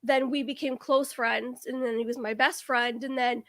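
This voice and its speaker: A woman's voice: sits high, steady tone, moderate pace, no echo, studio quality. A woman guest on a casual game-show chat, telling a long, winding story. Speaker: guest contestant.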